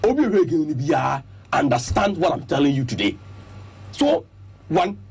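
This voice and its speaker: A man's voice: on the high side, a little slow, gravelly, breathy edge. A man with a Ghanaian accent giving emphatic sports analysis on a radio show, laying out his points one by one. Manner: animated, emphatic, lists points. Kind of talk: radio sports talk, Twi-English mix. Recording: radio studio broadcast.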